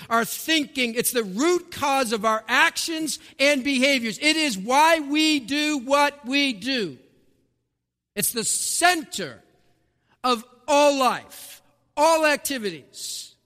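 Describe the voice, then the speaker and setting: High, bright-voiced preacher in a reverberant hall. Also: male voice. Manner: emphatic preaching with rhetorical questions and dramatic drops to a hush. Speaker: pastor. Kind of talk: sermon. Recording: long reverb of a large hall.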